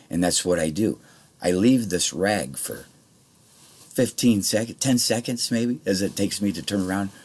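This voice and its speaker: A man with a low, husky voice tells a long personal story in loose, rambling speech. He gets heated and swears freely. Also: a little mellow. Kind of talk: casual spoken anecdote.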